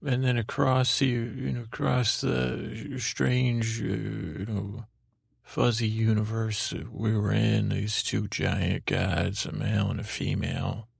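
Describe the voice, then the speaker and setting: A man with a very gravelly, creaky voice drifts through an improvised bedtime story, stumbling over words and circling back. The recording is close and dry, with no room sound. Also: little pitch movement, no echo. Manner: meandering, halting, lots of fillers and restarts; drowsy, low-key storytelling. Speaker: podcast host. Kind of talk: rambling improvised sleep story.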